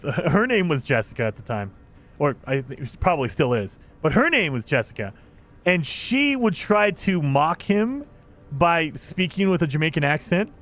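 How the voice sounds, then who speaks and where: Lively, high-voiced chatty man streaming. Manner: chatty, laughs often, restarts sentences. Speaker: streamer reading chat. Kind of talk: casual live-stream chat.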